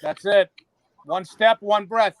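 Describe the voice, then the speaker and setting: A man's voice: high voice, takes it slowly, no echo. A man joining the show as a caller, friendly and teasing. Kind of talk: casual chat.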